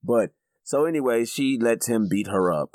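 A man co-hosting a casual movie review podcast, his pitch leaping up and down as he gets excited. He laughs often and swears freely. The recording is close and dry, with no room sound. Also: moderate pace, no room sound. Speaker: podcast co-host.

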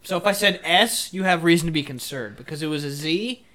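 A young man co-hosting a casual podcast chat, profane and animated, bursting into loud shouts when retelling arguments. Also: fairly high pitch, a little fast. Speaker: podcast co-host.

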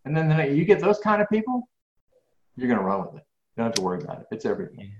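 A man telling a story in a podcast interview, acting out each exchange with a lively, swinging pitch. His voice sits in a roomy space. The sound is slightly dull and lo-fi. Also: very fast. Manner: animated, acts out dialogue. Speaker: guest speaker.

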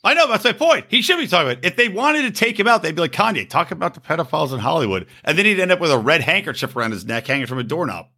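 A man with a very bright, ringing voice banters on a podcast, joking loosely and cursing as he goes. His pitch swings widely, jumping up when he gets worked up. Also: big pitch swings, rapid-fire, hardly any pauses. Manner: loose, joking, swears freely. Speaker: podcast co-host.

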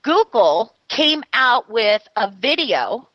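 A woman's voice: fairly high pitch, sing-song, takes it slowly, no echo, lo-fi sound. A woman co-hosting a casual radio talk show, chatting and telling a story with lots of fillers. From California. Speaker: co-host.

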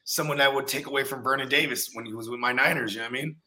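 A man's voice: medium pitch, fairly even intonation, very fast, sharp tone. A man co-hosting a casual fantasy football chat, laid-back and profane, often tagging on "you know what I mean". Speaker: fantasy football podcast co-host.

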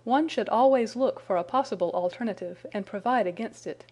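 Woman reading a sharp confident victorian detective, precise and crisp, storybook read. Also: mid-range voice, a little fast, close to an everyday voice.

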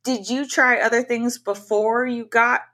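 A woman's voice: a little high, steady tone, unhurried, sharp tone. A woman hosting an interview show, talking frankly and casually and now and then swearing lightly. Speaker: interview host. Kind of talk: conversational interview.

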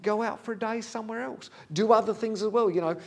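A man's voice: sits high, fast talker, vocal fry. A man preaching a sermon, earnest and candid, talking plainly to the congregation with fillers.

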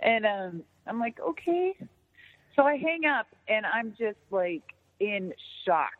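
A woman telling a story in casual chat, animated and profane, often jumping into an excited high voice. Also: measured pace. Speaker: podcast guest. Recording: tinny phone-line sound with long reverb.

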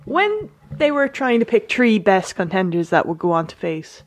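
A woman co-hosts a casual wrestling chat at a middle pitch. She sounds wry and self-deprecating and speaks her opinions bluntly. The recording is dry and close. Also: big pitch swings, normal speed, dry recording. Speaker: podcast co-host.

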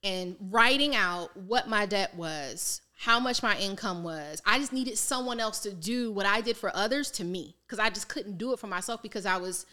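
A woman's voice: mid-range voice, normal speed, few pauses. A woman from Maryland, a financial coach, telling her story in a candid, casual way with slang, acting out what people said. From Maryland, United States. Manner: animated, slangy, acts out quoted voices.

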